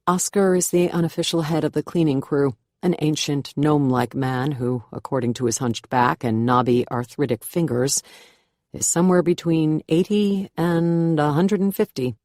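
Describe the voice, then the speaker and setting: A woman narrating a first-person thriller audiobook in a measured, wry manner on a close mic. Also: sits low, mellow, no room sound.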